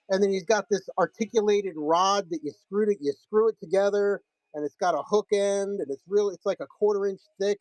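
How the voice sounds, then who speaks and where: A man's voice: sits high, no room sound, poor audio. A man hosting a live comic sale, telling a rambling, profane story in a casual way.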